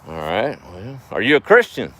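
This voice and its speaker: A man's voice: fairly low pitch, huge pitch swings, normal speed, fairly bright tone, slight background noise. A man voicing an eager, zealous preacher who talks in earnest bursts. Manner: earnest, emphatic.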